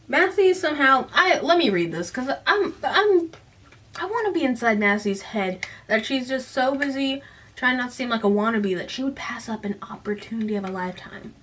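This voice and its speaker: A woman's voice: a little high, expressive, moderate pace, fairly bright tone, far from the mic, a little hiss or hum. A woman casually recapping a teen novel and reading passages aloud, often correcting herself mid-sentence. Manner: rambling, self-correcting, giggly asides. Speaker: book reviewer.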